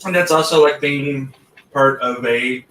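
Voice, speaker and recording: A man's voice: medium pitch, unhurried, a bit bright, slight background noise. A man hosting a casual chat, blunt and prone to swearing as he circles through his points. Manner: blunt, swears freely, self-interrupting. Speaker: podcast host. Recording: roomy, distant mic with faint ambience.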